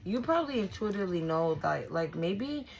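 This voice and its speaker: Gravelly low-voiced woman giving a blunt reading. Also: big pitch swings, moderate pace, a little mellow, poor audio. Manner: blunt and profane, swears freely; emphatic and repetitive, restarts often. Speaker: tarot reader. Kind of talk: casual spiritual reading to viewers.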